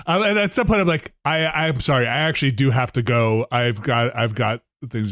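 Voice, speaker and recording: A man's voice: medium pitch, normal speed, few pauses, a bit bright, no echo, clean studio sound. A man hosting a podcast, telling a rambling story with lots of fillers and laughter. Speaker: podcast host. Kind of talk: casual chat, anecdote.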